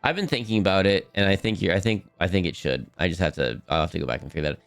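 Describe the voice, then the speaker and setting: A man's voice: low-pitched, racing, creaky, clear, resonant tone, no echo, soft background music. A man chatting casually with viewers on a live stream, laughing often, his voice a little worn from talking.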